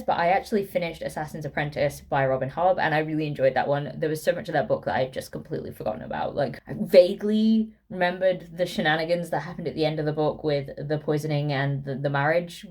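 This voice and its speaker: Young woman, low-pitched, worn out and losing her voice; rambling, giggly book vlogger talking from bed. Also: fast talker, darkish tone. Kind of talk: casual chatty vlog. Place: lying in bed.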